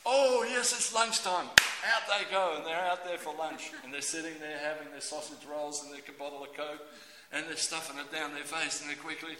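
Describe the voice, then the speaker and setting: A man preaching a sermon in a lively, theatrical way, acting out everyday scenes with voices. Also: on the high side, a little fast, noisy background. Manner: animated, acts out scenes with voices. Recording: echoey hall.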